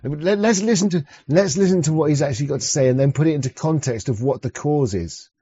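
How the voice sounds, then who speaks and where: A man's voice: on the high side, quick pace, warm tone, husky, muffled recording. A man streaming, commenting sarcastically on clips with crude jokes and lots of stammered restarts. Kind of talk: casual mocking commentary.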